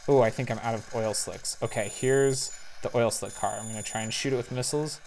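A man's voice: mid-range voice, fairly quick, hardly any pauses, a little hiss or hum. Chatty man narrating his gameplay. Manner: chatty, thinks aloud, excited little outbursts. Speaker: gamer playing a spy video game; parent. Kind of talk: casual gameplay commentary. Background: faint game music.

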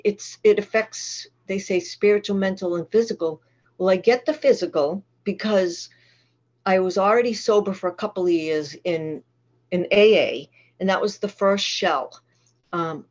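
A woman's voice: lowish voice, highs cut off. A middle-aged woman with a Boston accent, speaking candidly and plainly at a twelve-step meeting, with frequent restarts. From Massachusetts. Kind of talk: personal recovery share.

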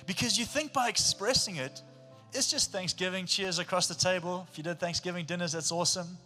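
Man, South African accent, pastor, animated sermon, forceful bright voice, long hall reverb, faint music. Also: high-pitched, a little fast. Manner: animated storytelling, shifts between hush and shout.

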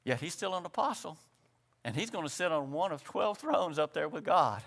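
A man preaching a sermon, swinging between loud exhortation and quiet reflection and calling out "Amen" to the congregation. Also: a little high, lively intonation, normal speed, creaky.

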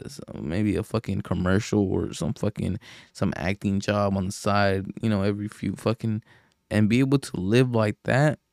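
Low-voiced young man ranting casually. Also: darkish tone, clean tone, no echo, studio quality. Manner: rambling, profane, frequent sighs and fillers. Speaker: podcast host. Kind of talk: casual solo podcast rant.

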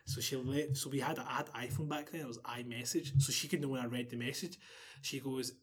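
A man's voice: mid-range voice, a little fast, husky. A young man with a Glasgow Scottish accent telling a long story in casual chat, laughing and acting out what people said. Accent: Glaswegian Scottish. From Scotland. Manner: animated, laughing, swearing, acts out quotes. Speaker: podcast guest.

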